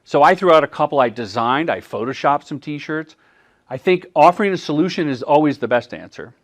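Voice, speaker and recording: A man's voice: on the high side, fairly quick. A middle-aged man presenting a workshop on commercial directing, answering audience questions and acting out dialogue. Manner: animated, acts out quoted dialogue in voices. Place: workshop room at a film festival.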